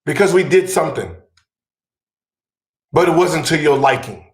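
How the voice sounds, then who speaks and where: A man hosting a podcast, talking heatedly and profanely in a casual conversation, rising to shouts. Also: a little high, animated, normal speed, roomy sound. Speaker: podcast host.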